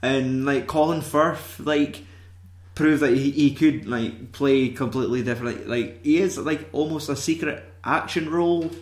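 A man's voice: medium pitch, moderate pace. Sweary Scottish man, roomy echo. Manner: rambling, sweary, animated storytelling. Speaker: podcast co-host. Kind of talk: casual chat.

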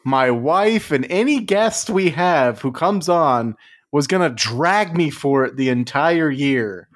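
A hoarse man co-hosting a casual comedy movie podcast, joking around and swearing freely. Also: fairly high pitch, lively intonation, takes it slowly. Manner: jokey, swearing, goofy bits. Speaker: podcast co-host.

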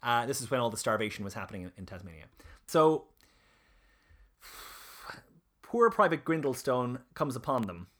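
A man's voice: mid-range voice, expressive, normal speed, long pauses, fairly bright tone. Hesitant man in casual history chat. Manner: hesitant, many fillers and restarts. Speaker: presenter of a history discussion.

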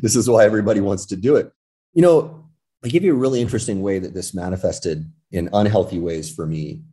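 A deep-voiced American man speaks as a podcast guest, with a mellow, warm tone. He talks in a loose, casual way, full of "you know" and "right", and tells personal stories with lively energy. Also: fast talker. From California, United States. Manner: animated storyteller, frequent fillers. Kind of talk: casual conversation.

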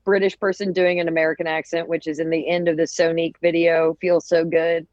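A woman's voice: low-pitched, little pitch movement, brisk, darkish tone, no echo, muffled recording. A woman co-hosting a podcast, teasing the others and riffing in a wry, casual way. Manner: wry, teasing, riffs on accents. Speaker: podcast co-host.

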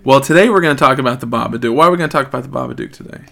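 This podcast host is a man in his late thirties who jokes and rambles casually, dropping frequent ums. He talks rapid-fire in a mid-range voice that sounds creaky, pushed, and bright.

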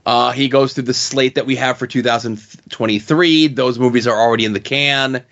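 A man's voice: mid-range voice, steady tone, brisk, fairly bright tone, highs cut off. A man co-hosting a comics podcast in casual chat, rambling with lots of fillers. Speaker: podcast co-host.

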